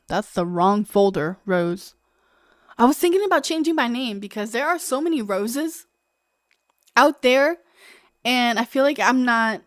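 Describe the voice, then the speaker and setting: A woman's voice: a little high, no room sound. Chatty, rambling woman streamer, dry sound. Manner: chatty and rambling, laughs often, easily sidetracked. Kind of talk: casual gameplay stream chat.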